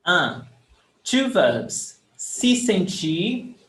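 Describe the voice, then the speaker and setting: A man's voice: high voice, big pitch swings, very slow, a bit bright. A man teaching verbs in a live online lesson, explaining patiently and repeating examples. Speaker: Portuguese teacher. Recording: echoey room, faint background noise.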